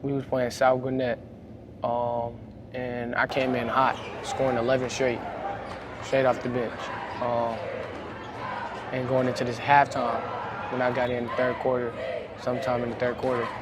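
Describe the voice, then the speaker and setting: Young man with a drawl, animated. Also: mid-range voice. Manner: animated, gets louder retelling arguments. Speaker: high school basketball player. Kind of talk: casual storytelling to camera. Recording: faint background noise.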